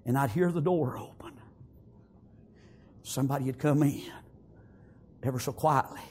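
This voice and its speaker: A man preaching an emotional funeral sermon in a church, repeating himself and halting, then swelling into tearful, emphatic exclamations. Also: medium pitch, darkish tone, slightly rough. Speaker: pastor at a memorial service. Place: church sanctuary.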